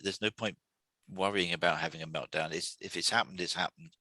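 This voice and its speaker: A man hosting a weekly talk series, explaining calmly in a halting way, often repeating words and restarting. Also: sits low, no echo. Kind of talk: solo talk to camera.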